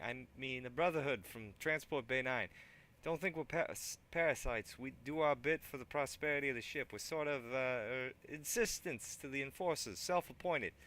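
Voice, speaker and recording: Man doing a thuggish male gang leader, game dialogue, loud, pitched up, drifting fake accent, bright forceful tone. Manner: loud, boastful and wheedling, with a put-on accent that drifts. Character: big pockmarked male gang leader, brash thug. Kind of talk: reading game dialogue aloud.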